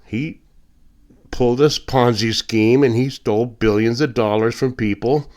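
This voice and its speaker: A man's voice: medium pitch, fairly even intonation, unhurried, a little mellow. A man delivering a blunt, indignant opinion monologue as a podcast host, with sarcastic asides. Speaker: political commentator.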